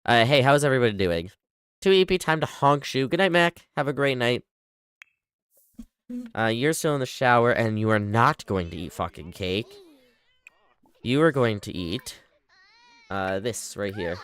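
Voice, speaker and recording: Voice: mid-range voice, animated, normal speed, long pauses, fairly bright tone, clear, resonant tone. A livestreamer giving casual running commentary on a game, chattily bossing the characters around. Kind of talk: casual live gameplay commentary.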